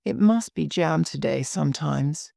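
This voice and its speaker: A woman's voice: low voice, a little slow, creaky, dark tone, no room sound, clean studio sound, heavily acted. A woman voicing a curious, polite young girl who asks puzzled questions.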